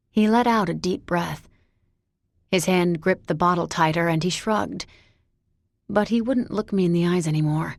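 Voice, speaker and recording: A woman narrating a novel in the first person, measured and introspective. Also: fairly low pitch, gravelly, dry recording, studio quality. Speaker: audiobook narrator.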